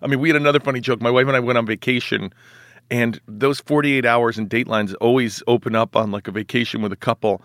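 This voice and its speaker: A man's voice: mid-range voice, fairly even intonation, fast, fairly bright tone, no room sound, studio quality. A man in his forties, an actor guest chatting in a casual podcast interview, rambling and self-mocking with many restarts. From United States.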